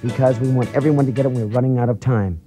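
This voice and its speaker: A man as a radio disc jockey doing fast promotional patter on a 1960s broadcast. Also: mid-range voice, fairly even intonation, mellow, soft background music.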